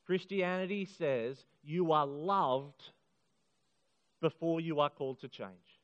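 A middle-aged man preaching a sermon to a congregation, earnest and emphatic, slowing down on key phrases. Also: on the high side. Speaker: pastor. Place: church hall. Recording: muffled sound in a hall with long reverb.

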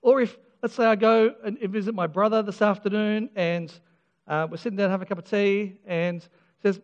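Brief: male pastor, high voice, earnest sermon delivery, heard on a dull, lo-fi recording in a reverberant hall. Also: steady tone, a little fast. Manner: earnest, emphatic, with repeated restarts and self-deprecating humour. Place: church. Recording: dull lo-fi sound with long church reverb.

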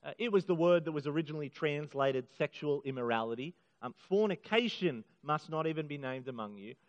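Man, pastor, sermon, earnest, emphatic, slightly high-pitched, long hall reverb. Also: expressive, lo-fi sound. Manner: earnest, emphatic, slows for key phrases. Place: church hall.

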